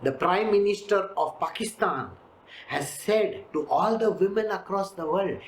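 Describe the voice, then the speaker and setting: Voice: medium pitch, measured pace. Emphatic spiritual teacher. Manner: emphatic, rhetorical questions, lively storytelling. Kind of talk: scripture lecture. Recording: roomy echo, faint background hiss.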